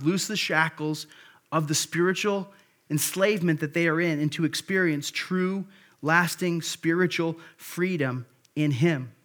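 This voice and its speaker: A man's voice: sits high, a bit bright. Man preaching in a conversational voice. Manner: conversational preaching, paraphrases scripture in a casual voice; frequent restarts and fillers, then builds to emphatic points. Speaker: pastor. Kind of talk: sermon.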